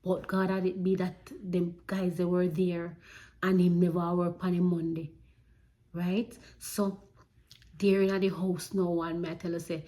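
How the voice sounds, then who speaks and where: A woman's voice: lowish voice, flat delivery, unhurried, mellow. A woman with a Jamaican accent earnestly recounting a personal story, with emotion and Patois-flavoured speech.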